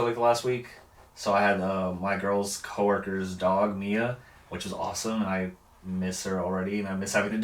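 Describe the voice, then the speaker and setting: A man's voice: fairly low pitch, a bit bright. A young man co-hosting a podcast, chatting casually and rambling with frequent laughs. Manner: laid-back, rambling, laughs often. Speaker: podcast co-host. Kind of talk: casual chat. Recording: roomy, distant mic, lo-fi backup audio.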